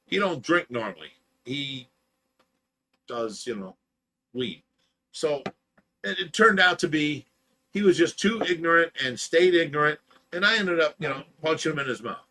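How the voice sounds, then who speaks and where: A man hosting a casual livestream tells a story in a loose, rambling way, full of "you know" and "blah blah." His voice is bright and sits a little high, and it turns loud and heated when he repeats the argument. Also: lively intonation, moderate pace, pauses often. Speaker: livestream host.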